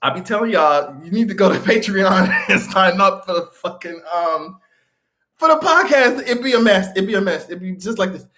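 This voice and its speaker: A man's voice: high voice, expressive, normal speed, pushed and bright. A man hosting a pop-culture commentary livestream, ranting with heavy profanity and frequent laughter. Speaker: livestream host.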